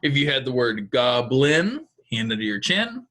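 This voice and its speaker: A man's voice: medium pitch, big pitch swings, unhurried, a bit bright. A man teaching a phonics lesson to second graders, giving patient, step-by-step instructions.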